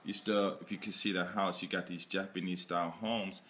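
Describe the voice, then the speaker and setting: A man talking casually in a vlog, rambling and animated, acting out chats with people he meets on the street. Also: low-pitched, normal speed, reverberant, recorded from a distance, a little hiss or hum. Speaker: vlogger.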